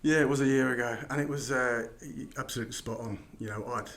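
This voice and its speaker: A man's voice: mid-range voice, quick pace, a bit bright. A middle-aged man from London, with a slight Midlands tinge to his accent, chatting as a podcast guest and telling his story with plenty of restarts. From England. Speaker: podcast guest, recruitment founder. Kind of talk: casual interview chat.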